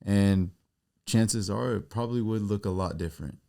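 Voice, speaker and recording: A man with a very low voice, co-hosting a casual faith-based podcast chat. He talks reflectively and poses questions to the listener. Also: moderate pace, vocal fry, dark tone, clear, resonant tone. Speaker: podcast co-host.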